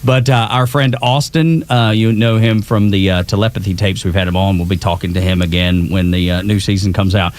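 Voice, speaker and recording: A man's voice: sits low, steady tone, a little fast, few pauses. A man co-hosting a morning radio show, chatting casually with many fillers and laughs. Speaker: radio co-host.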